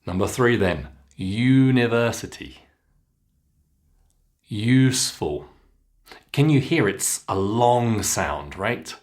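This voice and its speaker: A man with a British English accent teaching pronunciation, saying single words slowly and clearly for learners to repeat. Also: fairly low pitch, lively intonation. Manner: slow, clearly enunciated drilling of single words. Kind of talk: follow-along pronunciation lesson.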